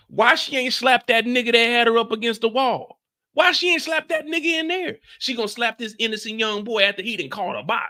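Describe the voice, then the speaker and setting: A man's voice: very high voice, fairly quick. A man hosting a live reaction stream, chatting casually, repeating himself and acting out quotes. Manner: animated, repeats lines, acts out quotes.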